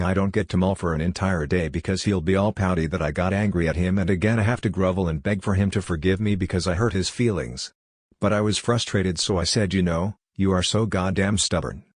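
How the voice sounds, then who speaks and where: A man narrating a web post in the first person, in a plain and steady reading voice. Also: deep voice, a little fast, dry recording, studio quality.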